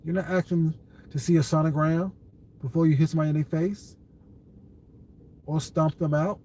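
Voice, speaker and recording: A man's voice: fairly high pitch, steady tone, normal speed, mellow, slight background noise. A man hosting a casual livestream, answering his viewers' comments in a blunt, dismissive way and calling them baby. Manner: laughs often, talks back to chat.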